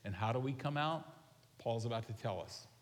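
A man preaching a sermon to his congregation in a relaxed, animated way, often asking the people questions. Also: mid-range voice, normal speed. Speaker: pastor. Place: large church sanctuary. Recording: long reverb of a large hall.

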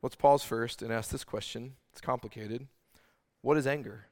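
A man preaching a sermon in earnest, animated style, asking the room rhetorical questions. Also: medium pitch, normal speed. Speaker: pastor. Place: large room with congregation.

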